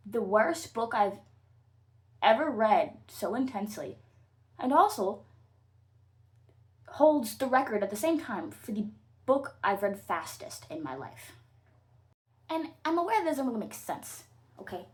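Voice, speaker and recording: A woman podcast host rants about a book she disliked, swearing freely and dripping with sarcasm. Her voice sits fairly high and swings widely in pitch. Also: unhurried, long pauses. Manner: animated, profane and sarcastic. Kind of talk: casual book-review rant.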